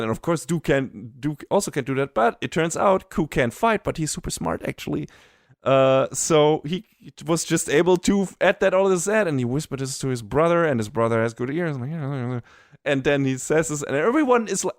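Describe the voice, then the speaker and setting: A man's voice: fairly high pitch, lively intonation, a little fast, no echo, clean studio sound. A man co-hosting a podcast, chatting casually and enthusiastically, swearing and laughing often. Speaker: podcast co-host. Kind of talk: casual anime review chat.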